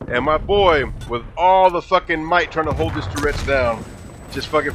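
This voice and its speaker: A young man in his twenties telling a funny, profane story from school in a casual, animated way. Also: fairly high pitch, moderate pace, background noise. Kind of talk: casual storytime over gameplay.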